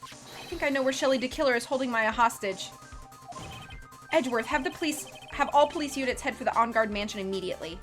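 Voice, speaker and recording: An earnest young male defense attorney speaks with steady determination, as a woman reads his lines. The voice is fairly high. Faint music plays underneath. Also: fast, natural voice. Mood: determined. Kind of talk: reading game dialogue aloud.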